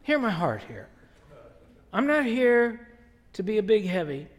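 A man playing a gentle, overly soft-spoken preacher who speaks in a coaxing, apologetic way. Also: sits high, very animated, a little slow, long reverb tail, heavily acted. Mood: mock gentle.

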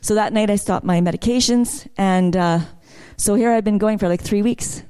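A woman's voice: mid-range voice, moderate pace, warm tone, clean tone. Middle-aged woman giving a church testimony, chatty and personal, building to fervent praise. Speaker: worship leader sharing a testimony.

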